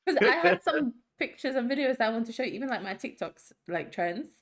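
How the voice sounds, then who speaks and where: A woman with a fairly high voice chats casually as a podcast co-host. She talks in quick asides and laughs often. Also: big pitch swings. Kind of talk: casual chat.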